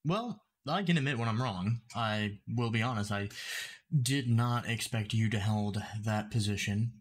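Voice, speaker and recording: Man explaining carefully in commentary. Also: on the low side. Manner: explanatory, deliberately clear speech. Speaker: YouTube commentator.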